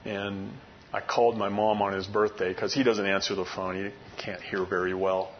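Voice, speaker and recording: A man's voice: flat delivery, moderate pace. A middle-aged man preaching a sermon in an earnest, conversational, folksy storytelling way. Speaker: pastor. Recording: muffled lo-fi recording with faint rumble.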